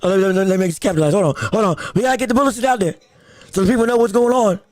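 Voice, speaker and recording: A man with a very high voice hosts a livestream commentary on a boxing decision. He speaks excitably, repeats phrases over and over, and breaks into shouts. His voice is recorded dry and close, with no room sound. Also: racing, dry recording. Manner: greets viewers from the live chat. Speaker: podcast host reacting to a boxing decision on a livestream. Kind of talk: live fight commentary and chat.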